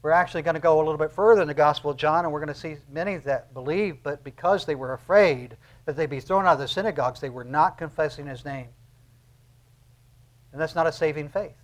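A man with a fairly high voice delivers a sermon. His preaching is earnest and conversational, and he leans on repeated phrases to drive each point home. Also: fast.

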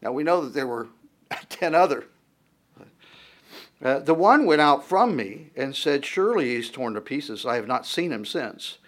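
A man of ordinary mid pitch delivers a sermon, reading scripture aloud verse by verse. Between readings he talks it through in a loose, conversational way, restarting phrases as he thinks. On the quoted lines his voice climbs and presses harder. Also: animated, unhurried, fairly bright tone. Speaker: preacher.

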